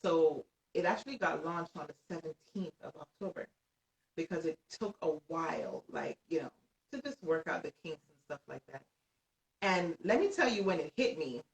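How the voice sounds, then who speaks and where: Animated woman storyteller, distant and roomy. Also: sits low, normal speed, vocal fry. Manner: animated, breaks into laughs and shouts when excited. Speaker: guest author. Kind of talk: excited storytelling on a live stream.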